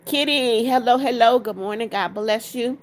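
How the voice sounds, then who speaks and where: Woman, livestream host, fairly high voice, casual chat, greets viewers by name, urges likes. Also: normal speed. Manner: greets viewers by name and reads their comments aloud; coaxing, keeps urging viewers to tap likes.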